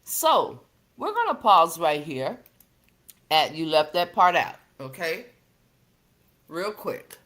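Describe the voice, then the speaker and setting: A woman's voice: low-pitched, sing-song, slow, long pauses, a bit bright. Chatty woman greeting her livestream viewers. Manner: chatty, greets viewers by name, calls them sister and baby. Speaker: livestream host. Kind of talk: casual livestream chat with viewers.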